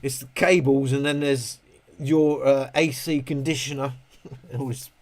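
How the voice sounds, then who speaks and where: A man's voice: mid-range voice, moderate pace. A man hosting a casual live stream, reading chat questions aloud and ranting with frequent laughs. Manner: animated, ranting, laughs often. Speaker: livestream host answering chat questions.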